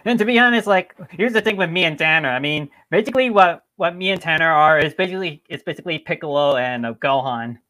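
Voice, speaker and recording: A man's voice: on the high side, lively intonation, fast, hardly any pauses, sharp tone. A man co-hosting a podcast, chatting in a hesitant way full of filler words. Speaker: podcast co-host. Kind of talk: casual chat.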